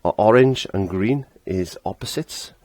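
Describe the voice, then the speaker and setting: A middle-aged man with a low, deep voice talks through a painting lesson in a casual, chatty way. He laughs at himself often and lets his sentences trail off while he concentrates on his brushwork. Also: unhurried, darkish tone, no echo. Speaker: painting teacher.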